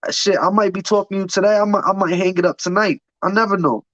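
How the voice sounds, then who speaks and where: Speaking quickly in a high, steady, slightly bright voice, a male interviewee openly shares his life story. His delivery is forceful and foul-mouthed, with frequent repeated words as he restarts. The audio is dry, lo-fi and dull, with no echo.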